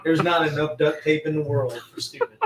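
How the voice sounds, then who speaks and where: Higher-voiced man in a noisy echoey room. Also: steady tone, brisk. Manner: laughing, tells jokes. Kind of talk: casual chat. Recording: echoey room with loud noise.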